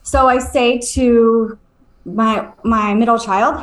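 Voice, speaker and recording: A woman, a medium and podcast co-host, telling a story at home in a casual, animated way, swearing and checking in with her listener. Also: on the high side, slow, poor audio. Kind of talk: casual storytelling on a live stream.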